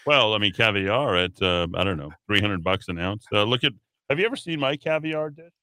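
A man's voice: fairly low pitch, expressive, fairly quick, bright, forceful tone, smooth, dry recording. A man hosting a talk radio show, riffing on the news with sarcastic, mocking asides into a studio mic.

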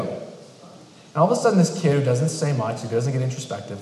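A man's voice: medium pitch, expressive, fairly quick, darkish tone. A man preaching a sermon in a conversational, storytelling way, slipping into quoted voices to tell a family story. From New England. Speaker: pastor. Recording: echoey hall with long reverb.

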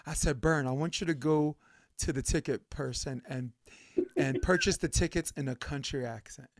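High-voiced laughing male podcast host. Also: moderate pace, gravelly, noisy background. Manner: laughs often, playful and lively. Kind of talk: casual chat.

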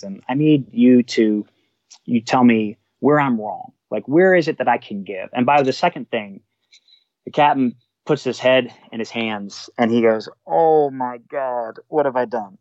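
A man's voice: mid-range voice, dry recording, highs cut off. A man, a fire department supervisor, telling a work story in a casual way and acting out the quoted dialogue. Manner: animated, acts out quoted dialogue.

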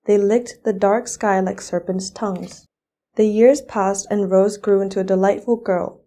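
A teenage girl reads a fairy tale aloud in an expressive storybook style. Her voice is mellow and warm, sitting at a middle pitch. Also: unhurried. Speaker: student reader. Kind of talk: storybook reading.

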